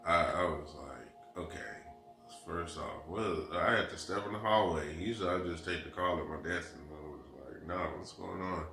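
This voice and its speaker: A man's voice: low voice, normal speed, creaky, over music. A young man recounting a story alongside his wife in a casual vlog, rambling earnestly and quoting what was said. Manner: rambling, earnest retelling with quoted dialogue. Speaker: husband co-hosting the vlog. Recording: echoey room.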